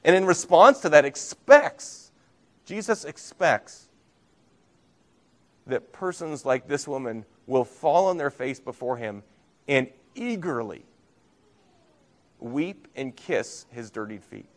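A male pastor delivers a sermon in a mid-range voice. He preaches earnestly, pressing key words with rising force and then sinking into quiet, low lines. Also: animated, measured pace. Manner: earnest preaching, rising emphasis and soft drops.

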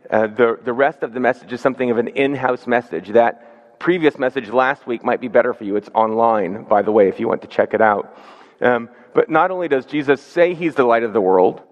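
Earnest male pastor preaching in a reverberant hall. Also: medium pitch. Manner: earnest, measured preaching with slow emphatic stresses. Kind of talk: sermon. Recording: dull sound with long hall reverb.

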